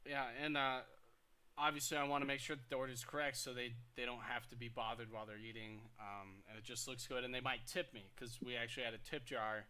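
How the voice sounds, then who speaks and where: A young man co-hosting a podcast, telling work stories in casual chat, getting loud and animated when he quotes people. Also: medium pitch, fast talker, clean tone. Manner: animated, rises loud when quoting people, stammers restarts. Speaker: podcast co-host.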